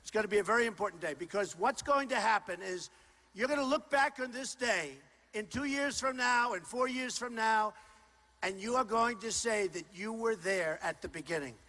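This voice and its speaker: A man in his sixties giving a loud, ad-libbed campaign rally speech, often repeating his lines. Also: high voice, normal speed. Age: 60s. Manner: loud, repetitive, ad-libbed crowd address. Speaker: political candidate. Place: large rally hall.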